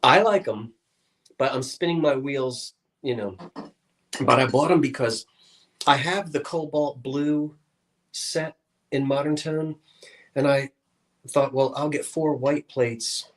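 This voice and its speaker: A man chats casually on an antiques show, explaining vintage glass pieces in detail. His voice sits at an ordinary middle pitch and sounds relaxed and conversational. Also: slow, long pauses. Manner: chatty, explains collectibles in detail.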